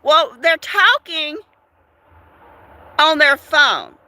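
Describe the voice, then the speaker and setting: A woman's voice: high-pitched, animated, drawn-out words, pushed and bright. An older woman hosting a casual livestream, chatting in a gossipy way, laughing often and asking her viewers questions. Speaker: livestream host. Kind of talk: casual live chat.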